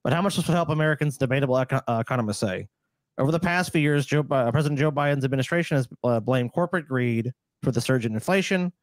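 A man's voice: medium pitch, quick pace, no echo, studio quality. A man co-hosting a comedy stream, mocking and swearing as he reacts to clips. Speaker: podcast co-host. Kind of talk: casual comedic reaction chat.

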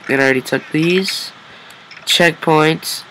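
A man's voice: on the high side, measured pace, pushed and bright, a little hiss or hum, poor audio. A man giving let's play commentary, talking to himself while he plays and breaking into frustrated outbursts. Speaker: gameplay video creator.

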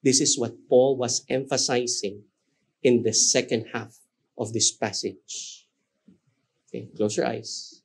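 A man preaching a sermon as pastor, pressing points with emphasis and dropping to slow, soft repetition. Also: medium pitch, little pitch movement, breathy edge.

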